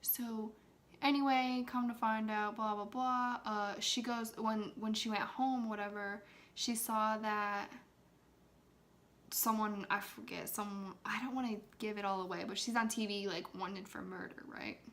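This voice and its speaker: A woman's voice: medium pitch, fairly even intonation, measured pace, a bit bright. A young woman chatting casually to her viewers as she retells a film, filling her talk with "like" and sometimes dropping into a whisper. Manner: loose and chatty, many "like"s, drops into whispers now and then. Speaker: ASMR creator talking to viewers.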